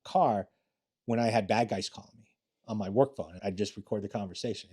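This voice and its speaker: A man's voice: on the low side, brisk, a little mellow, slightly rough. An older man, a retired police detective, telling rambling, profane stories in a casual interview, often restarting his sentences.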